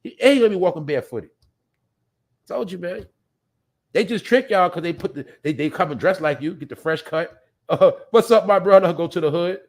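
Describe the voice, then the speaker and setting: A man's voice: on the high side, moderate pace, long pauses, a little mellow. A man hosting a live show, ranting bluntly and profanely in a rambling way, often laughing. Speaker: podcast host. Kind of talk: casual live-stream rant.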